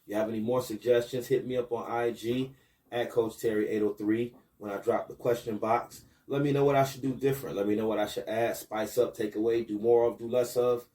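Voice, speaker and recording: A man's voice: mid-range voice, fairly quick, recorded from a distance. A man in his thirties from Buffalo, New York, hosting a casual podcast as a basketball coach and hyping up his viewers. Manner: hypes up viewers, rising excitement with promos.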